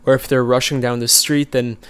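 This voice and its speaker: A man coaching viewers in a casual, conversational way, relaxed and easygoing, with frequent fillers. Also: medium pitch, fairly quick, smooth. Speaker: social skills coach. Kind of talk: casual instructional talk.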